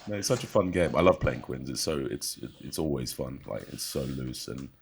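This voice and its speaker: Very deep, gravelly-voiced man. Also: brisk, slight background noise. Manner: relaxed, joking storytelling. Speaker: rugby player. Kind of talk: casual chat.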